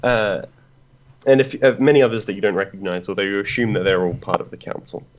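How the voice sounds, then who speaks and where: A man runs a tabletop game as game master, narrating in a halting way with many pauses. His voice is on the low side. The recording is dull and lo-fi. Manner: halting, full of uhs.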